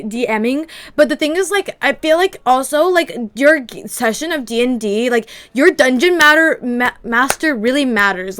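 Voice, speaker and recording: A woman's voice: on the high side, fairly bright tone. A woman streaming from her room at home, chatting casually to her viewers in a rambling way full of "like" fillers. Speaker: livestreamer. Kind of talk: casual livestream chat.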